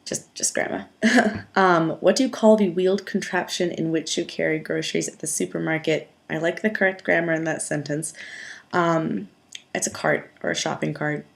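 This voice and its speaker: A woman's voice: deep voice, fairly even intonation, moderate pace, gravelly. A young woman from from there, chatting casually and self-deprecatingly through a challenge vlog into a webcam mic at home. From upstate New York. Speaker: vlogger.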